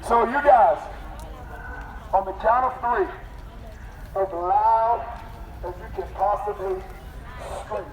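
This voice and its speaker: A man leading a street protest crowd in call-and-response chants, rousing and loud. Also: sits high, takes it slowly, long pauses. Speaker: protest leader. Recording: outdoor crowd and street noise.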